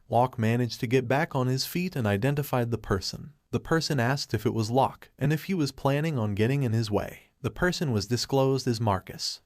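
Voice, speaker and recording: A man in scripted narration, retelling a manga story in steady reported speech. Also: medium pitch, no echo, clean studio sound.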